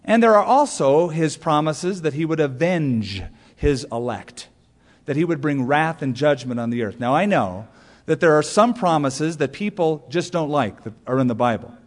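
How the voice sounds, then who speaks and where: A man's voice: a little high, lively intonation, moderate pace. Preaching man in a reverberant space. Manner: storytelling preacher, rhetorical questions, emphatic punch lines. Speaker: pastor. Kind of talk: sermon.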